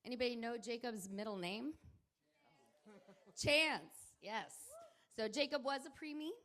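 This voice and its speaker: A woman's voice: on the high side, unhurried, pushed and bright. A middle-aged woman, the groom's mother, giving a wedding toast at a reception, rambling and laughing through tears.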